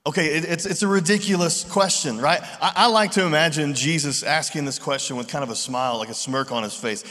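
A man preaching a sermon in a relaxed, conversational way, acting out voices in his retellings. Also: on the high side, brisk. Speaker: pastor. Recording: long reverb of a large hall.

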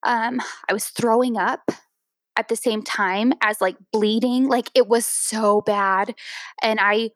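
A woman in her thirties telling an emotional personal story as a podcast guest, teary and halting, with many restarts and fillers. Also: fairly high pitch, fairly even intonation, dry recording.

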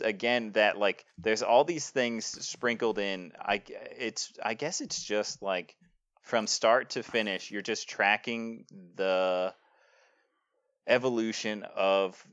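A man's voice: lowish voice, fairly bright tone, no echo, highs cut off. Dry-sounding man chatting casually. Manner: laughing, quick to chime in. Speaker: podcast co-host. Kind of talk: casual movie-review chat.

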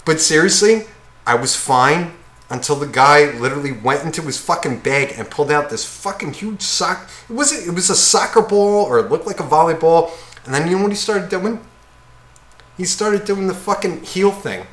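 A man, ranting in a casual podcast chat and swearing freely as he acts out other people. His voice is fairly high, bright and very lively in pitch. The room around him sounds echoey. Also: normal speed. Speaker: podcast co-host.

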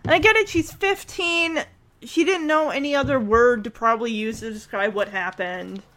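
A woman with a high, bright-sounding voice talks through a TV episode in a relaxed, chatty way. She retells scenes with animation, acting out the characters' lines, and her talk is full of fillers and restarts. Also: moderate pace, a little hiss or hum. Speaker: reaction video host. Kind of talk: casual commentary on a TV episode.

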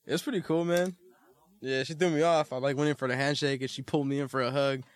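A man being interviewed as a rapper, relaxed and slangy, laughing often. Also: mid-range voice, quick pace. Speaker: rapper, guest. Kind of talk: casual interview chat.

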